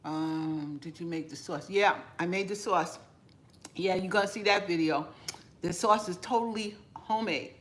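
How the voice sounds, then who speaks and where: A woman's voice: on the low side, moderate pace. A woman chatting with live viewers while eating in her home kitchen, rambling casually and talking with her mouth full. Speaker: cooking vlogger.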